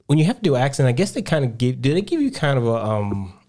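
A woman's voice: rumbling low, big pitch swings, quick pace, warm tone. A woman co-hosting a podcast in casual chat, hesitant and fumbling for her words. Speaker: podcast co-host.

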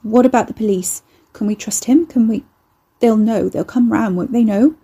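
A woman voicing Carrie, a frightened young woman who speaks in a shaky, halting way. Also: on the high side, dark tone, husky. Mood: distraught.

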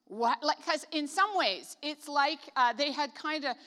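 A Canadian woman delivers a casual sermon in a fairly high, bright voice, speaking a little slowly. Her delivery is chatty, full of joking asides and lots of "like." The recording comes from a reverberant hall with a long echo.

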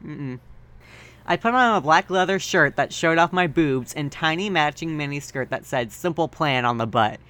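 A man co-hosting a comedy podcast, reading a story aloud deadpan and breaking off for joking asides. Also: fairly high pitch, normal speed, clear, resonant tone. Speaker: podcast co-host and reader.

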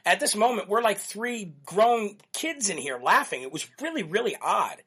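Animated male talk show host. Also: high voice, moderate pace, breathy edge. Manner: animated storytelling with repeated emphasis. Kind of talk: live-streamed monologue.

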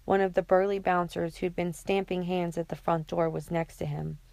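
A woman narrating an audiobook chapter in a steady, even reading. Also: on the low side, moderate pace, gravelly, dry recording.

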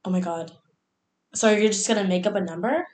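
A young adult woman co-hosts a casual podcast in an echoey room, giggly and chatty with lots of "like" and swearing. Her mid-range voice is a little mellow and a little fast.

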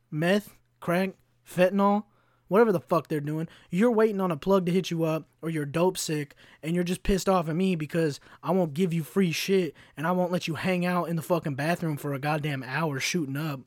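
A man's voice: on the high side, no echo, studio quality. A man in his twenties hosting a solo podcast, telling heated, profane stories full of slang. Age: 20s. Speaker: podcast host.

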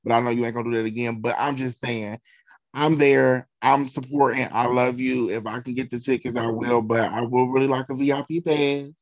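A man's voice: medium pitch, steady tone, a little fast, lo-fi sound. A man from Ohio, talking in an emotional, effusive way with casual swearing during a chat.

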